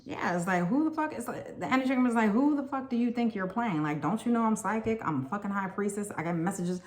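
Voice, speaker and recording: A woman's voice: medium pitch, lively intonation, fast talker. Blunt, profane woman tarot reader. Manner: talks straight to the viewer. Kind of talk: casual tarot reading.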